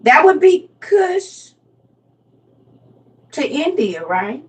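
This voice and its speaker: A woman's voice: sits high, sing-song, drawn-out words, far from the mic. A woman in her forties giving a casual Bible lesson, playful and constantly quizzing her listeners. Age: 40s. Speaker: Bible teacher.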